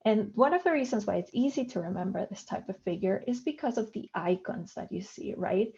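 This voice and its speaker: A woman gives a workshop lecture over a video call. She explains each point in turn and often asks rhetorical questions. Her voice sits at an ordinary pitch, and the call audio is slightly dull. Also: lively intonation, a little fast, dark tone. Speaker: workshop presenter.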